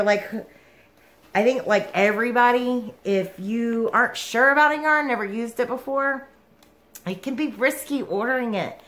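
A woman, gushing and giggling through an excited yarn unboxing vlog. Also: mid-range voice. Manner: gushing, giggly, lots of "like" and "oh my goodness". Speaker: yarn vlogger.

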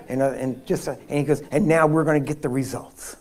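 A man's voice: mid-range voice, quick pace, few pauses, a faint crowd. A man preaching at a healing seminar, telling personal stories with frequent laughs and restarts. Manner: animated storyteller, laughs often, frequent restarts. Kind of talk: sermon with personal storytelling.

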